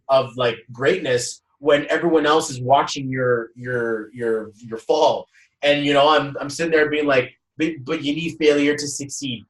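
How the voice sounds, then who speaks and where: A young man hosting a casual motivational live talk, energetic and rambling, often repeating words as he speaks at home. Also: medium pitch. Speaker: host. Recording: roomy echo, voice from a distance.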